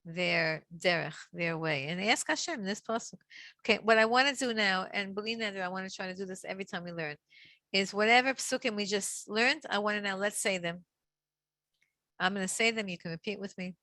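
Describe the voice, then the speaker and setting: A middle-aged woman teaching a Torah class on a video call, chatty and warm, greeting each listener by name. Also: mid-range voice, no echo. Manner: reads Hebrew verses slowly for others to repeat.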